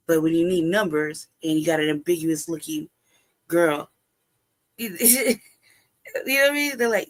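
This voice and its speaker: A woman's voice: on the low side, moderate pace, long pauses, pushed and bright. A woman hosting a live stream, telling a personal story in casual, profane talk, often laughing and acting out past exchanges. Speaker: livestream host.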